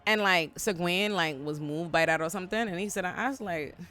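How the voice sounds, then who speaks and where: A woman giving a casual, animated, slangy recap of a TV episode. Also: lowish voice, fairly quick, soft background music. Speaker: show recapper.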